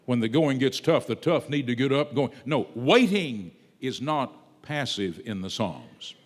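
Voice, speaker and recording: A man preaching a sermon to a congregation, swinging between soft asides and loud, drawn-out emphatic words. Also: mid-range voice, lively intonation. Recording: long reverb of a large hall.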